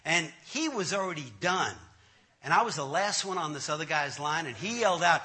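A man's voice: fairly high pitch, moderate pace, shouting. A man, an entertainer, telling his testimony as a comic story, laughing as he goes. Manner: animated, laughing through the story.

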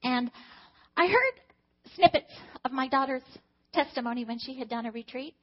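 A woman's voice: sits high, animated, moderate pace, muffled recording. A middle-aged woman giving an earnest, emotional personal testimony to a church congregation, often speaking to God aloud.

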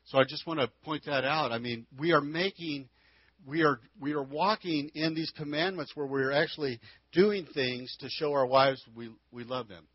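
A man with a husky, fairly high voice teaches a casual, folksy church lesson on marriage into a handheld mic at a moderate pace, restarting often as he talks conversationally. The audio is dull, with no echo.

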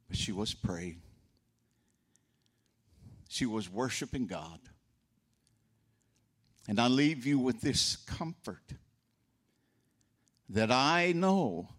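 The voice is medium-pitched and a bit bright, belonging to an older man at his sister's memorial. He tells folksy stories in his eulogy for her and acts out the voices in them.

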